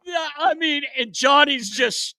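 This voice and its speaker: A man hosting a podcast, telling stories in a casual, animated way, swearing freely and laughing as he goes. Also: very high-pitched, unhurried, crowd noise. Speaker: podcast host. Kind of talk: casual storytelling chat.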